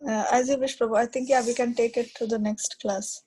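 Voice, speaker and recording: A woman with a high voice runs an online class, politely calling on students by name. She keeps the session organized and courteous. The sound comes through a video call. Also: steady tone, fairly quick, dark tone, slightly rough, rough recording. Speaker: class moderator.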